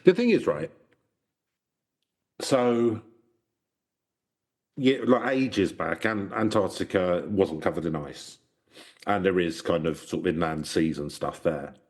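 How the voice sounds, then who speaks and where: A man's voice: low voice, takes it slowly, long pauses. A man hosting a comedy podcast, rambling and joking in casual chat. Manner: rambling, animated, jokey. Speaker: podcast host.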